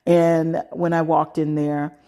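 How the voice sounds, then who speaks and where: A woman's voice: deep voice, little pitch movement, slow, mellow. Middle-aged American woman host, casual advice monologue, emphatic delivery with "okay" asides. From United States. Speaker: podcast host.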